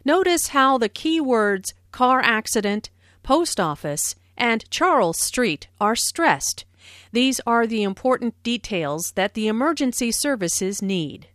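A woman explains English expressions in a slow, careful lesson narration. Her fairly high voice rises and falls in a lively way. The close studio recording is dry, with no room sound. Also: dry recording. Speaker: language teacher.

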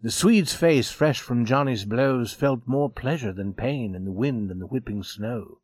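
A man reading a story aloud as narrator, steady and expressive. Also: mid-range voice, unhurried, no room sound, clean studio sound.

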